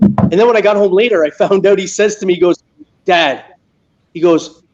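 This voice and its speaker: High-voiced Canadian man telling a story. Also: normal speed, pauses often, muffled recording. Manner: animated storyteller, acts out his own yelling. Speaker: guest metal detectorist. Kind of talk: casual storytelling on a live stream.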